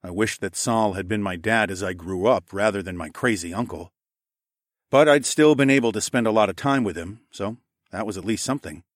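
A man with a lowish voice narrates a story in the first person, steady and matter-of-fact. The recording is close and dry, with no room sound. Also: a little fast, no echo. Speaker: audiobook narrator.

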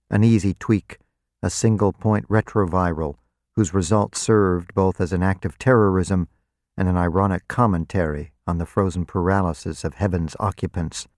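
A man narrating a novel in the first person as an audiobook, with a measured, even and dry delivery. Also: low voice, dry recording.

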